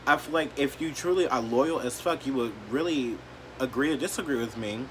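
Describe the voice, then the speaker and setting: A man vents emotionally to his vlog camera, blunt, profane and heated, leaning heavily on "like." His brisk delivery swings from quiet, wounded lows to loud, defiant bursts, with a faint hiss or hum in the audio.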